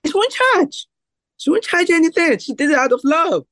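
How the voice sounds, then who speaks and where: A woman calling in to a video call podcast, speaking warmly and haltingly with many pauses. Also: very high-pitched, big pitch swings, dry recording. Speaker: caller, family friend. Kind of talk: casual chat on a video call.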